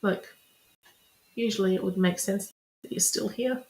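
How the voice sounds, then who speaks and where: A woman's voice: mid-range voice, unhurried, darkish tone. A woman speaking as a spiritual reader and coach in a chatty, encouraging live-streamed talk, repeating affirmations. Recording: roomy echo.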